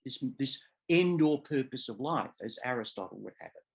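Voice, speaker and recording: A man, a law professor, giving a measured academic seminar lecture that explains ideas step by step and sometimes corrects himself. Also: mid-range voice, animated, vocal fry, poor audio. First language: English. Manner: measured, explanatory, repeats key terms; occasional self-corrections.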